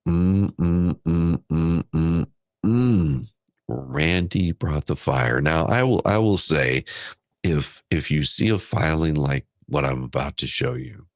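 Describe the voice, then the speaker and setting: A man hosting a casual livestream, hoarse and raspy from a cold, chatty and thanking viewers. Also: rumbling low, no echo, studio quality. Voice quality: raspy, gravelly. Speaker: livestream host.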